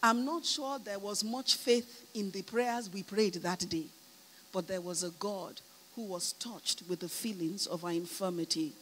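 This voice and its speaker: Long hall reverb and a faint hum color this recording of a Nigerian woman preacher telling a story in a sermon. Her medium-pitched voice is unhurried and fairly bright, and she speaks emphatically, using "you know" often and asking whether her listeners are listening.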